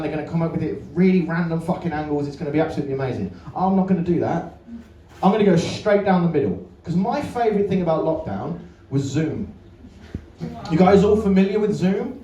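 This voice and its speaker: A man's voice: high-pitched, mellow, far from the mic, dull audio, slight background noise. A man doing a stand-up comedy set in a club, bantering with the crowd and swearing freely. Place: comedy club stage with a live audience. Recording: roomy live club recording, off-mic, crowd. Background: audience laughter.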